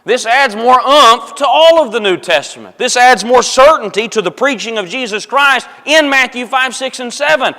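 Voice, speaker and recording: A man's voice: very high voice, bright, forceful tone. A man preaching a sermon to his congregation, emphatic and repetitive, calling them folks and brethren. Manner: emphatic, repeats phrases for stress, addresses congregation as folks. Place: church auditorium. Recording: long reverb of a church hall.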